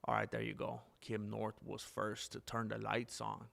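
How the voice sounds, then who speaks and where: A man's voice: fairly low pitch, monotone, normal speed, creaky, a bit bright. A man hosting a live stream in casual chat, rambling, reading viewer names aloud and correcting himself as he goes.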